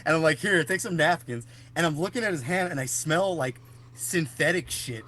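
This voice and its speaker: A man's voice: a little high, normal speed. Laughing, swearing young man telling stories. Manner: animated storyteller who laughs often and swears. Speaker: podcast co-host. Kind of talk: casual chat.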